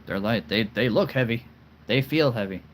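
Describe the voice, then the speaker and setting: A man's voice: mid-range voice, moderate pace, slight background noise, low-quality recording. A man hosting a casual livestream, enthusiastically showing his collection, repeating phrases and chuckling often. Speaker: host showing his toy figure collection.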